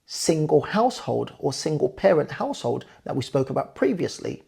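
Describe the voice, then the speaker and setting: A man's voice: a little high, gravelly, mellow, slightly rough. A man, a property investor, earnestly walking viewers through figures and speaking to them directly. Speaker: property investor and channel host. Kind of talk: explanatory talk to camera.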